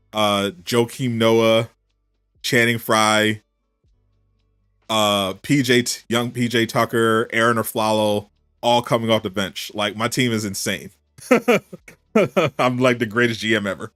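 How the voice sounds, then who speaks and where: A man chatting casually as a streamer on a live reaction stream, animated and incredulous, firing off rhetorical questions. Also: lowish voice, measured pace, smooth, no room sound, clean studio sound, faint music behind.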